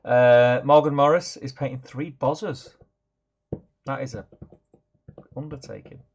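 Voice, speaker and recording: This husky-voiced man, pitched in the middle with fairly even intonation, speaks unhurriedly. He's one of the co-hosts of a hobby stream, chatting casually and joking cheerfully while calling out viewers' names over somewhat muffled, lo-fi sound.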